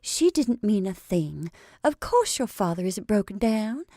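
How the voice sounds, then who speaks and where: A woman's voice: mid-range voice, very animated, measured pace, no room sound, clean studio sound. A woman doing a kindly, soothing countrywoman. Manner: gentle, soothing, motherly.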